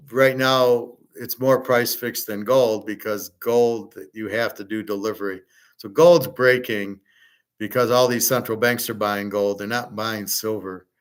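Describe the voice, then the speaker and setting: A man hosting a casual livestream, answering viewers' chat questions in a blunt, opinionated, rambling way. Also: fairly low pitch.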